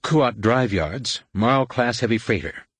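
Leia, a wry sharp woman voiced by a man. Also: mid-range voice, expressive, slow pace, husky, dry recording, voice pushed up. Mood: matter-of-fact. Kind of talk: audiobook character voice.

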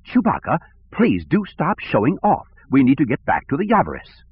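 A man's voice: on the high side, huge pitch swings, normal speed, breathy edge, dry recording, pitched above the performer's own voice, exaggerated voice. Man doing a clipped fussy droid voice, C-3PO. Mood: scolding. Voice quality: clipped, metallic. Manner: fretful, proper. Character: fussy prim male protocol droid. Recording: tinny phone-like sound.

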